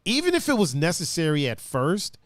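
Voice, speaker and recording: A man hosting a podcast in casual chat, animated and profane, reading listener comments aloud. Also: on the high side, fairly quick, dry recording, studio quality. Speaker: podcast host.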